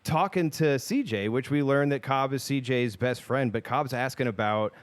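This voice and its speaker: Guy on a movie podcast walking through a scene, normal pitch, super dry sound. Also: moderate pace, no echo. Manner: recaps scenes in detail. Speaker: podcast co-host. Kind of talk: casual film discussion.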